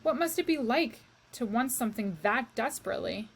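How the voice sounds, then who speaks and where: A woman voicing a gentle, pitying young princess. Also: fairly high pitch, lively intonation, creaky, slightly rough, heavily acted. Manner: soft, pitying, slow.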